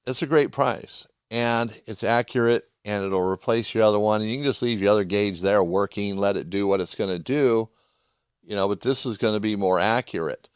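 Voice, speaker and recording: A man's voice: lowish voice, normal speed, clean tone, dry recording, clean studio sound. A man hosting a podcast, chatting casually and folksily about gear, rambling with restarts. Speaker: podcast host. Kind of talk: casual product talk.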